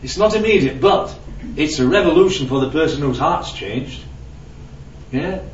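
A man preaching in a relaxed, chatty way, checking in with his listeners and telling little stories. His voice sits a bit high and carries through a roomy hall. The recording is distant and dull, with faint ambience behind it. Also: moderate pace, a little hiss or hum. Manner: conversational, asks the audience questions and tells anecdotes. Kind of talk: sermon.

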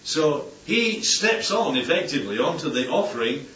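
Delivering an informal Bible-study sermon to a congregation in a church hall, the man keeps things playful with asides and keeps checking in with "yeah?". He speaks at normal speed in a high-leaning, sing-song, pushed and bright voice. The recording is distant, roomy, and dull, with slight background noise.

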